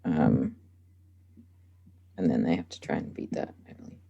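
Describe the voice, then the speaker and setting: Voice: rumbling low, normal speed, gravelly, mellow, slightly rough, dull audio. A player in a tabletop game, talking hesitantly about their rolls.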